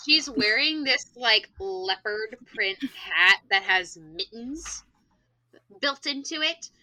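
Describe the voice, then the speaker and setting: A woman who teaches school, telling a lively anecdote in casual chat, full of "like" fillers. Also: fairly high pitch, slow pace, no echo, low-quality recording. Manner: animated storyteller, many "like" fillers. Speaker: teacher and tabletop game player.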